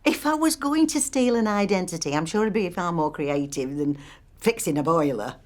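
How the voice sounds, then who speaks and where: A talkative woman in her sixties, stuck on hold on the phone. She rambles on with a dry, wry humour, and her voice sits a little on the low side. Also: lively intonation, unhurried, a little mellow, heavily acted. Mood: polite, firm. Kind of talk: film monologue acting.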